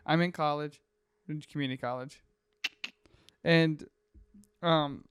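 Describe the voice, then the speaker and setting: A man's voice: on the high side, a little slow, clear, resonant tone, dry recording, clean studio sound. A young man in his twenties hosting a podcast, telling a story with energy and acting out the people and noises in it. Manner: lively, acts out people and sound effects in his stories. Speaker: podcast host. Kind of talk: casual chat, animated storytelling.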